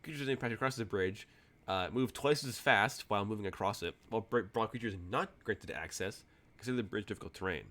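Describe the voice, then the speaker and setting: A man running a tabletop game, his voice sitting on the low side. He narrates in a loose, chatty way, often breaking into laughter. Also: quick pace, a bit bright. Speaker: game master.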